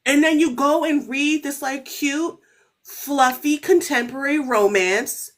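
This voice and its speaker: Her voice sits high and her pace is a little slow as this author, a woman in her thirties, tells a story on a podcast. She's casual and animated, relying on "like" and "right?", and her pitch jumps when she's excited.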